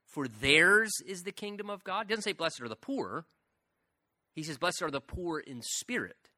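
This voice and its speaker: A man's voice: a little high, pushed and bright, no room sound. A man pastor preaching a sermon in a church, earnest and emphatic, voicing prayers with rising intensity. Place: church sanctuary.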